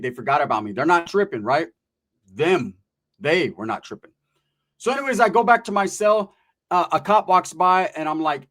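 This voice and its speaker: A man from Northern California telling a casual story, animated and profane, acting out the voices of the people in it. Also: fairly high pitch, fairly quick.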